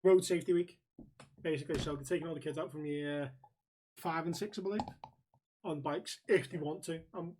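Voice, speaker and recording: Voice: medium pitch, a little fast, long pauses, darkish tone, a little hiss or hum. Blunt podcast co-host. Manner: blunt, swears freely, tells stories with quoted dialogue. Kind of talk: casual ranting chat.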